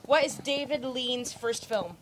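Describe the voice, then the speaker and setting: A woman's voice: fairly high pitch, a little slow, slight background noise. A woman acting as quizmaster, reading out trivia questions in casual chat and apologizing readily. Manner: reads questions, apologetic, giggly.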